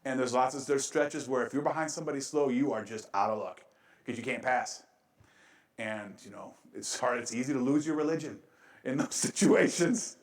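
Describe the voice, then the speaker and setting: A man's voice: mid-range voice, recorded from a distance. A male pastor preaching a sermon with a joking, self-mocking manner and frequent laughs, recorded in a church sanctuary. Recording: very echoey church room.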